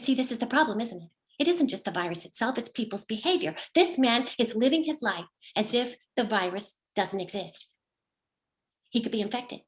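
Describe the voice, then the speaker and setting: A woman's voice: a little high, a bit bright. A middle-aged woman performing a personal story with wry, dry humor, slipping into quoted voices now and then. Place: home, online show.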